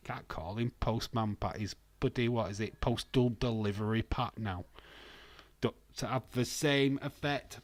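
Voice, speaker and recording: A man's voice: mid-range voice, slow pace, no room sound. A Welsh man from Wales, hosting a wrestling watch-along stream with rambling, jokey, sweary casual commentary on a close mic.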